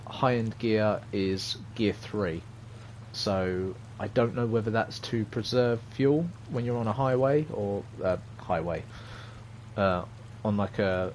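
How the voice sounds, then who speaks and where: A young gaming streamer with a lowish voice casually comments on a driving game as he streams live, with slight background noise. He rambles, sounds hesitant and chats with viewers, reading their messages aloud.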